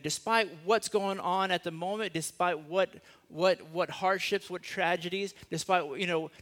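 Man preaching, hushed on key phrases. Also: high-pitched. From Los Angeles. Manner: conversational and self-deprecating. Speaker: guest preacher. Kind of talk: sermon.

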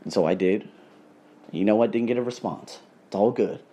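A man's voice: on the low side, normal speed. A man hosting a podcast, telling a personal story in a rambling motivational monologue, swearing casually and talking straight to his listeners. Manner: rambling, animated, swears freely, addresses listeners as guys. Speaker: podcast host.

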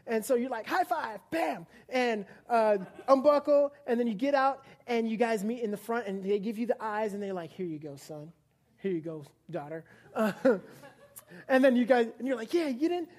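A young woman with a fairly high voice preaches in a loose, conversational way. She jokes with her congregation, laughs between thoughts, and slips into acted-out scenes. Her delivery stays relaxed and chatty, with plenty of fillers. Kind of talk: casual youth sermon. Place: church service before a live congregation.

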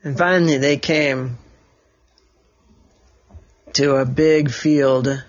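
A man's voice: medium pitch, fairly even intonation, very slow, highs cut off. A father improvising a bedtime story, rambling and correcting himself as he goes.

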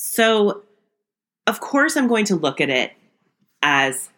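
A woman's voice: medium pitch, sing-song, slow pace, fairly bright tone. A young woman hosting a podcast, recapping an old sitcom episode in a chatty way, laughing often. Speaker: podcast host.

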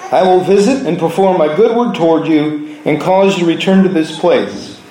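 A man's voice: a little high, normal speed, slight background noise. Man preaching in an echoey room. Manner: earnest storytelling preaching, shifting between soft and raised delivery. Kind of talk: sermon.

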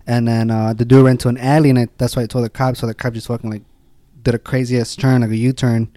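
A man's voice: mid-range voice, level tone, quick pace, mellow, no echo, studio quality. A man telling a story in casual podcast chat, rambling with lots of "like" and swearing. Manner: rambling, full of "like" and restarts, swears freely.

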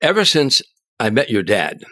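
An older man, a comedian and author, telling animated anecdotes as an interview guest, often restarting his words. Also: medium pitch, moderate pace, dry recording. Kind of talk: storytelling in an interview.

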